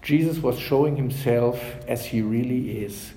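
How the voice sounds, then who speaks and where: A male pastor preaching a measured sermon. His voice drops softly at the ends of phrases. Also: mid-range voice, reverberant, poor audio.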